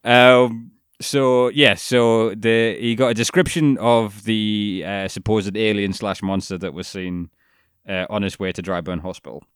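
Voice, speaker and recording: A man's voice: fairly low pitch, fairly even intonation, unhurried, clear, resonant tone, no echo, clean studio sound. Laughing, rambling man. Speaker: podcast co-host. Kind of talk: casual chat.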